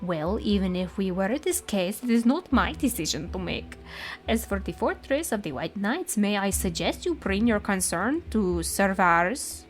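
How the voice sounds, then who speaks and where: Woman putting on a lofty high priest, stern and condescending, measured delivery. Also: lively intonation, soft background music, natural voice. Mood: stern, pompous.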